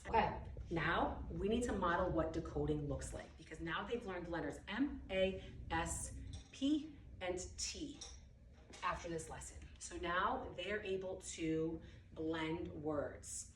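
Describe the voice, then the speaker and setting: A woman's voice: fairly low pitch, lively intonation, a little slow. A woman instructor walks teachers through an early-reading lesson step by step, over-enunciating each sound when she models the drills. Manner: clear step-by-step explanations. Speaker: literacy instructor. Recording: roomy distant audio with ambient noise.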